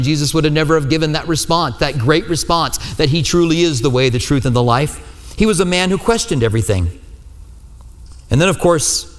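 A man preaching from the pulpit in a fairly high voice, his words trailing off into a long hall reverb. He tells the story in a lively way and acts out the people he quotes with a light humor. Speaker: pastor. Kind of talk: sermon.

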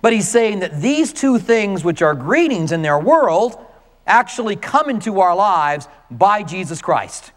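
A male pastor preaching a conversational, animated sermon to his congregation. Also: high voice, a little slow, in a large hall.

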